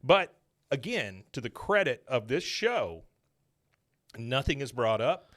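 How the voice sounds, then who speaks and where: A man's voice: mid-range voice, big pitch swings, takes it slowly, a bit bright, no room sound, studio quality. A man, hosting a podcast and animatedly retelling scenes. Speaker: podcast host. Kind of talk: casual chat.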